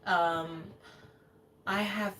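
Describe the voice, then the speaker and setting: A woman's voice: lowish voice, steady tone, very slow, a bit bright. A woman hosting a casual live cooking stream from her home kitchen in the UK, chatting loosely and rambling while she answers viewers. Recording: distant mic with noticeable background noise.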